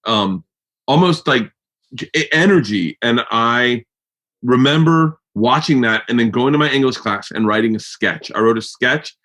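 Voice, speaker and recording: A man's voice: mid-range voice, lively intonation, a little slow. A man hosting a podcast in casual chat, telling stories in a loose, rambling way with plenty of swearing. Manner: loud, swearing, rambling storyteller. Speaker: podcast host.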